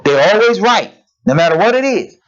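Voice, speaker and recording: A man preaches a sermon in a high-pitched, sing-song voice, a little fast and a bit bright. He hammers his points home with blunt, emphatic rhetorical questions and casual, plain-spoken phrasing, on a dull lo-fi recording.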